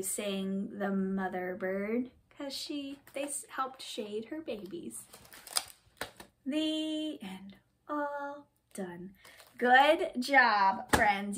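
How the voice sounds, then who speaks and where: A woman with a high voice reads a picture book to young children at an unhurried pace. She talks in a sing-song, animated way and hams up the sound effects. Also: background noise. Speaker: children's story time host.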